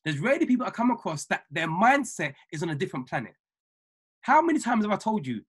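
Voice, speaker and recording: A man giving an emphatic, repetitive motivational talk to his trading mentees over a video call, building from calm to fiery. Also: high-pitched, quick pace, slightly rough. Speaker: trading mentor.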